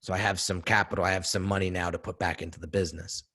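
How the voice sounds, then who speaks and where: A man's voice: low voice, little pitch movement, fast talker, bright, forceful tone. A man talking as a podcast guest, telling a personal story in an earnest, conversational way, often repeating himself.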